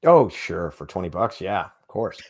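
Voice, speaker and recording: A man's voice: sits low, sing-song, moderate pace, slightly rough. A man co-hosting a fitness podcast in casual, opinionated chat. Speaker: podcast co-host.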